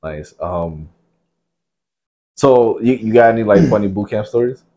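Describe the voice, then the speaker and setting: A man's voice: on the low side, unhurried, dark tone, dull audio. A man in his thirties from New Jersey, hosting a podcast and telling stories in casual, profanity-laced chat. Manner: profane, rambling storyteller. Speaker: podcast host.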